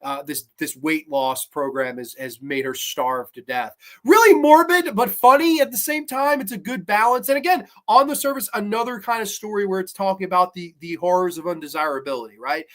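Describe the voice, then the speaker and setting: A man hosting a horror review show, chatting casually and excitably, swearing freely and laughing as he retells episodes and reads viewer comments. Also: sits high, a little fast, hardly any pauses. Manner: excitable, profane, laughing often. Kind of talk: casual livestream review chat.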